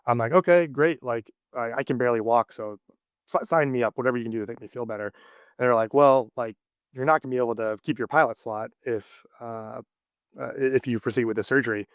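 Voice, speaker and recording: A man's voice: medium pitch, fairly even intonation, fast talker, no echo, studio quality. Man telling his story, loose and chatty. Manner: rambling, lots of fillers and restarts. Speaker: interview guest. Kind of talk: casual storytelling interview.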